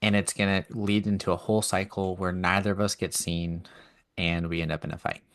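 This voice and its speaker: A man with a very low, gravelly voice co-hosting a relaxed conversation. He explains things slowly and reflectively and works through everyday examples. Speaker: podcast co-host. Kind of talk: casual chat.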